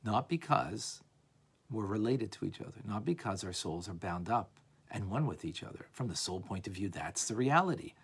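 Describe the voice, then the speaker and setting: A man teaching a lively class on a religious text, asking "right?" often and acting out examples. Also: on the low side, breathy edge. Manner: animated, playful, acts out examples, frequent "right?". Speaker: Torah teacher.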